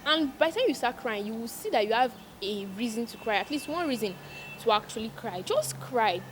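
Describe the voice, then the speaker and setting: Young woman vlogging advice, keeps repeating herself to drive it home, kinda high voice. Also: expressive, fairly quick, a little hiss or hum. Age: young adult. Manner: emphatic, preachy, repeats lines for stress. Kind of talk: casual advice monologue to viewers.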